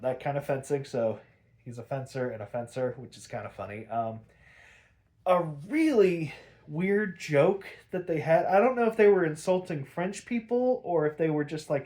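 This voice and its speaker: A man's voice: on the high side, darkish tone. A man hosting a podcast, recapping an episode in a rambling, profane, casual way, full of "like".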